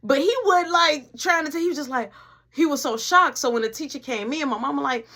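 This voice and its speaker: Woman doing a storytime, super animated, high bright voice. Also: fairly quick. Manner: animated, dramatic, conversational. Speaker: vlogger. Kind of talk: casual storytime.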